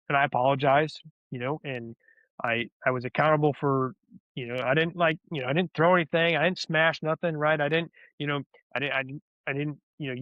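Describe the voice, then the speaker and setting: Guy rattling off a story quick, lots of restarts, sound kinda muffled and dry. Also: fairly high pitch, no echo. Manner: rambling, repeats words as he restarts. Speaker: guest, former soldier turned wellness advocate. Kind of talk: candid personal storytelling. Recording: dull lo-fi audio.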